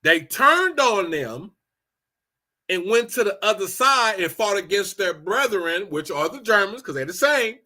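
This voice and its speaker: Bright high-pitched animated man ranting. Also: measured pace. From Los Angeles. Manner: animated, blunt, profane, repeats phrases. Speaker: commentator. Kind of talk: casual political rant.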